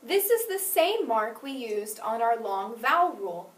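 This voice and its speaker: A woman teaching a phonics lesson, speaking clearly and deliberately and stressing each example word. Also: a little high, sing-song. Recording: echoey room, mic at a distance.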